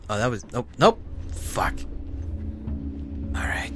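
A man commentating a game as he plays, joking and talking to the characters, dropping to whispers and bursting into yells and swearing. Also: mid-range voice, very animated, a little slow, pauses often, slight background noise. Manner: swings from hushed whispers to loud yelling and swearing. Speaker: gameplay commentator. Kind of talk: let's play commentary. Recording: game music playing behind.

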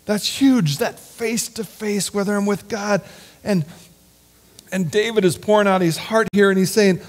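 A man preaching a sermon in an earnest, halting way, often restarting his sentences. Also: sits high, steady tone. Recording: long hall reverb.

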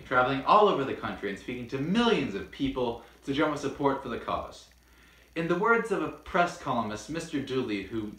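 A man of middling pitch hosts a scripted history lesson, playful and joking, now and then bursting into mock-heroic shouts. His voice rings in a roomy, echoey space. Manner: playful, with mock-dramatic outbursts. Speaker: history video host. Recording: roomy echo.

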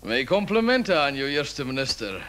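An actor playing a grandiose small-town leader turned dictator, barking orders. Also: male voice, mid-range voice, sing-song, normal speed, a bit bright. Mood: commanding.

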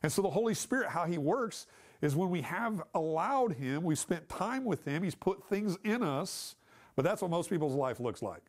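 A man's voice: a little high, big pitch swings, moderate pace. A man teaching a church Bible study class, talking in a conversational, emphatic way and putting questions to the class.

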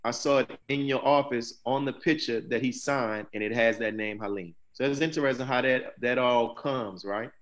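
A man's voice: medium pitch, normal speed, few pauses, fairly bright tone. Man interviewing with brief affirmations. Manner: brief affirming reactions, wraps up to keep on schedule. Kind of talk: casual interview.

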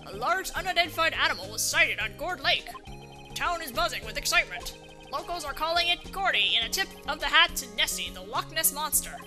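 A formal TV news anchor reading a bulletin in measured tones, voiced by a woman. The pitch sits high and lively. Video game music plays behind. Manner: measured newsreader delivery.

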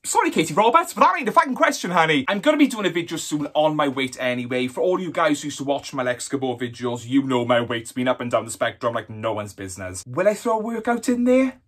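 A man's voice: medium pitch, animated, quick pace, hardly any pauses, a bit bright, breathy edge. A flamboyant Welsh man in his twenties chats through a Q&A vlog. His voice leaps all over the place with camp, sassy energy, and he swears freely. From Wales. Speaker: YouTuber. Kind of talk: casual Q&A vlog.

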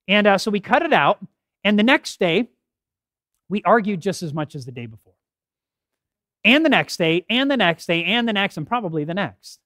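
A middle-aged man giving a health talk at a church podium, telling stories with lively acted quotes. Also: high voice, no echo, clean studio sound. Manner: animated storytelling with acted quotes. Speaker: health seminar speaker. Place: church hall. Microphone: podium mic.

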